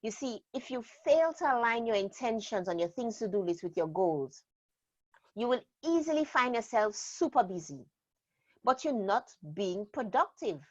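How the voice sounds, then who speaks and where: A woman trainer explaining a method in an interview, speaking deliberately and stressing key words. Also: fairly high pitch, lively intonation, a little mellow. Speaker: productivity trainer. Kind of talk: instructional interview talk. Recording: slightly dull lo-fi sound.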